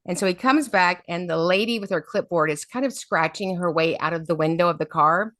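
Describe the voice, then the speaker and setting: Recorded in studio quality with no room sound, this middle-aged woman speaks briskly in a lowish register. As a guest in an interview, the special education advocate tells stories in a lively way, frequently adding "right?"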